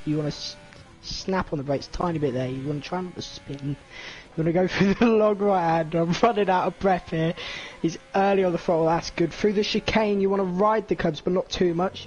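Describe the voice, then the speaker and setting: A man's voice: fairly high pitch, a little mellow, muffled recording. A young man co-commentating a sim race, talking through a lap in coaching second-person phrasing. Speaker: co-commentator, strategy analyst. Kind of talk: sim racing lap analysis.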